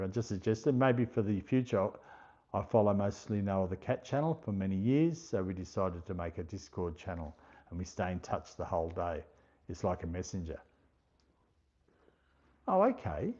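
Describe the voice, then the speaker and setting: Low, husky Australian man chatting. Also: lively intonation, normal speed, darkish tone, lo-fi sound. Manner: chatty and easygoing, laughs often, thanks viewers by name. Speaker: livestream host. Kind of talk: casual chat, reading viewer comments aloud.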